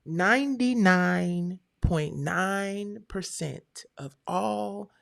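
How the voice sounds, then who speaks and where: Lady live-streaming, creaky voice, just chatting w her viewers, casual and talky. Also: on the low side, very slow, a bit bright. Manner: chatty, talks straight to viewers as "y'all".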